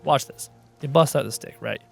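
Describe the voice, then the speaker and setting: A man's voice: mid-range voice, moderate pace, gravelly, soft background music. A man giving casual, playful let's-play commentary, chatty and full of puns, laughing at his own jokes. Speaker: gaming video host.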